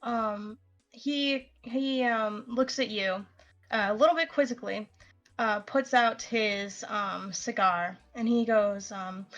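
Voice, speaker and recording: Slow, halting young woman game master. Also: on the high side, a bit bright, muffled recording, soft background music. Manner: halting, many fillers, giggly asides. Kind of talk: narrating a tabletop game.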